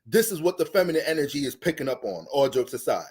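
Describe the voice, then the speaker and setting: Quick and slightly breathy, the astrology channel host's voice sits a little high. He rambles through an animated, profane, casual monologue, often starting his sentences over.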